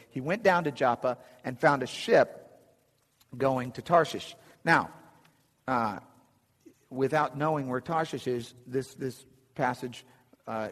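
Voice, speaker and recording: A man preaching a conversational sermon from slides, with chuckling asides and frequent restarts. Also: medium pitch. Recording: long reverb of a hall.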